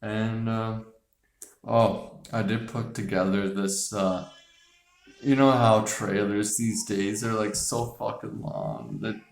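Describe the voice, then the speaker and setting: A man's voice: fairly low pitch, flat delivery, slow, creaky. A man hosting a casual chat about favorite movies, rambling with lots of fillers, restarts and casual swearing. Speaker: host. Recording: echoey room.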